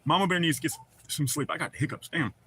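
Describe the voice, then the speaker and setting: A man's voice: on the high side, fast talker, fairly bright tone. A middle-aged man with a Southern accent chats loosely on a livestream, rambling and reading out viewer comments with casual swearing. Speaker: livestream host.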